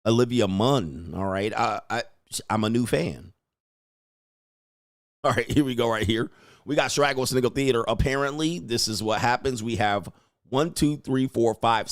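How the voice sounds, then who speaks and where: A man's voice: medium pitch, smooth, no room sound, studio quality. A man hosting a casual reaction commentary show, brash and mocking, laughing often and talking in slang.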